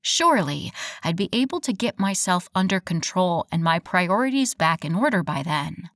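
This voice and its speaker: A woman narrating a first-person romance audiobook in an expressive, wry storytelling manner. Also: fairly low pitch, moderate pace, dry recording, studio quality.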